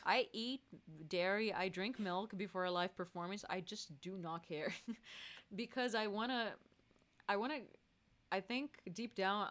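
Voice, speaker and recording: A woman's voice: fairly low pitch, a bit bright, smooth. A young adult woman chatting casually between songs on her live stream, laughing often as she talks. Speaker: musician hosting a live stream.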